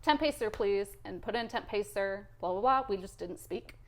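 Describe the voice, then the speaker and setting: A woman's voice: mid-range voice, moderate pace. Candid woman retelling a cath lab story. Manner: emotional, candid, animated storytelling. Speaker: guest, cath lab nurse. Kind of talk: casual interview storytelling.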